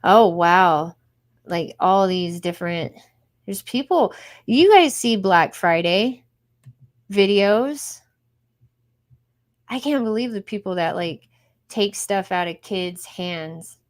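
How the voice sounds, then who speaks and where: A woman's voice: medium pitch, takes it slowly, pauses often. A young woman live streaming, chatting casually to her viewers as she reacts to videos.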